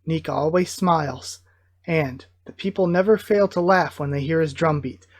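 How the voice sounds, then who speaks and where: A streamer reading out a gentle captive father. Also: medium pitch, normal speed, natural voice. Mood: consoling. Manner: reading comic dialogue aloud in a plain voice. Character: gentle enslaved father comforting his son.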